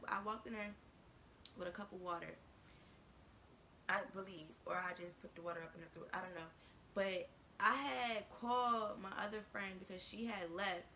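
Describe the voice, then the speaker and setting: Bright-voiced young woman telling a story. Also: medium pitch, slight background noise, poor audio. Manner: animated, slangy, swears freely. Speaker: vlogger. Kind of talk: casual storytime.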